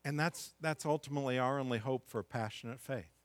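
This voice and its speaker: A middle-aged pastor preaches a sermon, shifting from calm readings of scripture to impassioned, emphatic high points. His mid-range voice moves quickly, and the recording is dry and close-miked with very little room sound.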